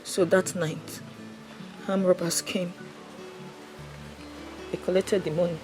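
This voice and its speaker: A grieving woman telling what happened. Her voice sits low and she speaks with sorrowful pauses. A film score plays clearly behind her. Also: flat delivery, over music. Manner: sorrowful, halting recounting. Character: grieving young woman recounting a tragedy. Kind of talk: film drama acting.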